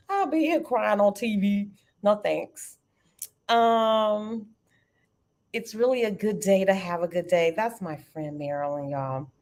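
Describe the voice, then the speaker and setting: A woman's voice: mid-range voice, slow, a little mellow. A middle-aged woman hosting a live trading stream, chatting animatedly and calling her viewers y'all. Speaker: livestream trading host. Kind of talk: casual live-stream chat.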